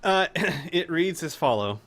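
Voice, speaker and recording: A man's voice: a little high, very animated, a little slow, a bit bright. A man narrating as game master of a tabletop game, talking in a hesitant, stop-start way.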